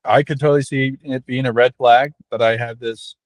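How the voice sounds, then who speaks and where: A man's voice: medium pitch, steady tone, moderate pace, no echo. A man in a casual panel chat over a video call, thinking aloud in a rambling, reflective way.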